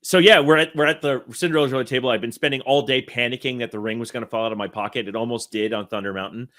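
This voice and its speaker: With a mid-range, slightly bright voice and a very fast delivery, an interview guest in his thirties rambles through a long anecdote. He laughs while telling it and often corrects himself in this casual storytelling.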